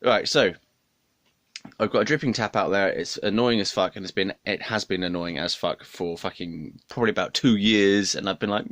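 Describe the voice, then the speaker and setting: A man's voice: low-pitched, normal speed, a bit bright, no echo. A man, rambling to camera at home in a sweary, self-mocking way. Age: 30s. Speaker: vlogger. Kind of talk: rambling casual monologue.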